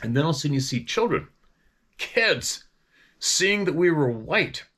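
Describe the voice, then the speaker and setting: A man's voice: on the high side, very animated, normal speed, fairly bright tone. A middle-aged man from Vancouver Island, a hunting guide telling stories in a rambling, profane way that often restarts mid-sentence. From Vancouver Island, Canada. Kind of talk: casual storytelling.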